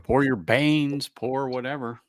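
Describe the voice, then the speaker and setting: A man hosting a live stream, chatting casually over a whiskey tasting on a video call, relaxed and stumbling into restarts. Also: medium pitch, a little slow, slight background noise.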